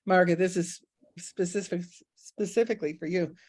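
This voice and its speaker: A woman's voice: on the low side, steady tone, moderate pace, darkish tone. A middle-aged woman giving a casual spiritual talk, candid and self-mocking, telling stories from her own life and laughing often. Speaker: spiritual teacher.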